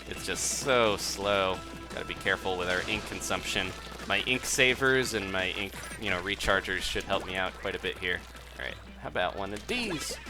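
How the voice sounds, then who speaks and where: A young man giving chatty live commentary while streaming a game, reading out chat and laughing often. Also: lowish voice. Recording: music playing behind the voice.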